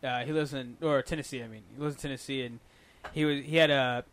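A man's voice: medium pitch, fast talker. A man telling a story in casual chat with friends, swearing freely and acting out what others said. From Oregon, USA. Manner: animated, swears a lot, acts out quotes.

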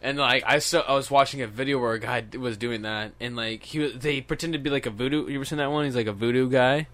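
A young man talks with his friends in loose, rambling stories full of swearing. His pitch sits in an ordinary middle range, and he sounds relaxed and unscripted. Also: quick pace. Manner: rambling, profane, storytelling. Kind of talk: casual chat among friends.

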